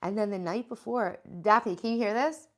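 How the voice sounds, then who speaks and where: Congested American woman with vocal fry. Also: medium pitch, normal speed. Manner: chatty, rambling, greets viewers by name. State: congested, sniffling. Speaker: livestreamer greeting her chat. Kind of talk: casual live-stream chat.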